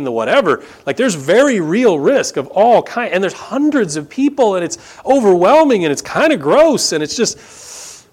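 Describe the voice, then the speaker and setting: A male pastor preaching a sermon, emphatic and repeating key phrases for stress. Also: on the high side.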